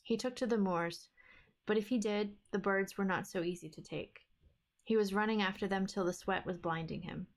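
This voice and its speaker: Woman, middle pitch, reading a fairy tale aloud, steady even delivery. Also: normal speed. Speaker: book club streamer.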